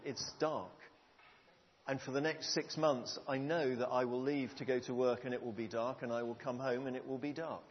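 A man with a medium-pitched voice preaches a sermon to a congregation, earnest and conversational, posing questions to the room. The recording has slight background noise, long hall reverb, and a dull lo-fi sound.

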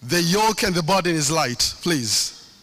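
High bright-voiced man preaching a sermon. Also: lively intonation, measured pace. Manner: impassioned, sing-song preaching cadence with repetitions.

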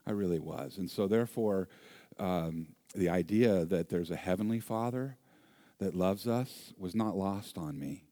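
Low-voiced middle-aged guy preaching, funny animated storyteller, does all the voices. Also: measured pace, dry recording. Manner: animated, humorous storyteller who acts out voices and sounds. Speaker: pastor. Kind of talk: sermon storytelling.

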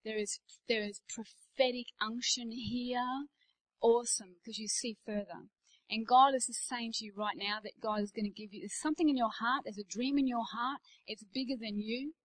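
A woman's voice: on the high side, steady tone, moderate pace, rough recording. Emphatic Australian woman preaching. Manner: emphatic, storytelling with anecdotes. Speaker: guest preacher. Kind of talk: sermon. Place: church.

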